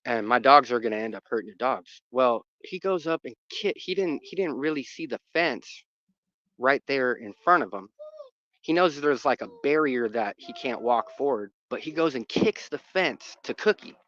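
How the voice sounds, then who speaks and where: A man's voice: mid-range voice, expressive, moderate pace, fairly bright tone, no echo. Man, casual rambling storyteller, dry, lo-fi sound. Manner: rambling, lots of fillers and restarts. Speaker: dog owner telling a personal story. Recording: muffled dry recording.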